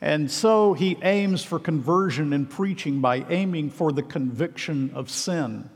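A man's voice: on the high side, unhurried, big-room sound. A man preaching a sermon, earnest and emphatic, pressing pointed questions on his hearers.

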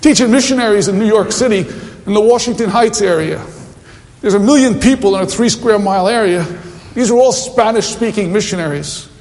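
A man's voice: sits high, a little fast, darkish tone. A man preaching a sermon, telling mission stories in a conversational, anecdotal way with many asides. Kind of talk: sermon with storytelling. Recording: long reverb of a hall.

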